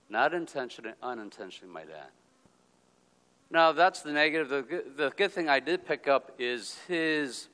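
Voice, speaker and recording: A man telling a personal story in a talk, in slow, deliberate phrases broken by pauses. His voice is bright and forceful and sits at a middle pitch. It carries a long reverb from a hall. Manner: deliberate, drawn-out phrases with pauses, checks in with "okay?". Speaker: speaker giving a talk.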